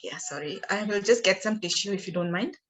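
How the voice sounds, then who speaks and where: A woman, speaking as a coaching client in an emotional personal conversation and talking in a hesitant, halting way with many pauses and restarts. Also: mid-range voice, heavy background noise.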